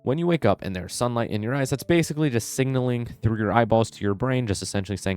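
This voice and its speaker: A man's voice: mid-range voice, fast talker, hardly any pauses, darkish tone, clean tone, faint music behind. A young man giving casual fitness advice straight to camera, rambling with lots of "like" fillers and bro slang. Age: young adult. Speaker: fitness vlogger.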